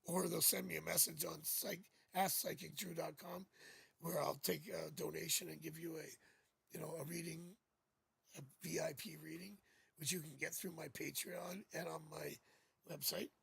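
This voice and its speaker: A man's voice: on the high side, steady tone, normal speed, creaky, fairly bright tone, slightly rough, no room sound. A man hosting a live tarot reading, talking casually and rambling, joking as he goes, on a new studio microphone. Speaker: psychic tarot reader hosting a live stream.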